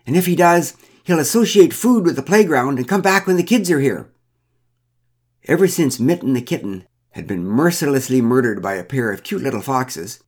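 A man reading a first-person story aloud with a wry, dryly humorous manner. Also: medium pitch. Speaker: narrator.

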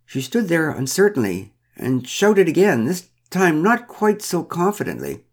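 A man's voice: on the high side, huge pitch swings, measured pace. A man reading a first-person story aloud with a wry, dryly humorous manner. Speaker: narrator.

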